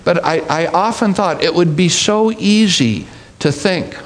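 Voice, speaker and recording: A middle-aged man delivers a sermon at an unhurried pace. His voice sits a little high for a man, and he speaks with deliberate, measured emphasis. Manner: slow, deliberate preaching with mimicked voices. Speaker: pastor.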